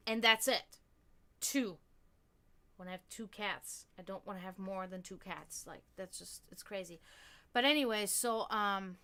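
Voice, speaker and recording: A woman's voice: fairly high pitch, bright, forceful tone. A woman hosting a livestream, chatting casually with her viewers in a rambling way, with lots of fillers and the occasional swear. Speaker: livestream host. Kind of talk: casual chat with stream viewers.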